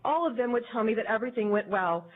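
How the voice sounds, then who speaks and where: A woman speaking in an earnest, measured way as she gives prepared testimony before a legislative committee. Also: a little high, animated. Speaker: advocacy group director testifying. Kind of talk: formal public testimony. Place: legislative committee hearing room. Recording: tinny, phone-like archive audio.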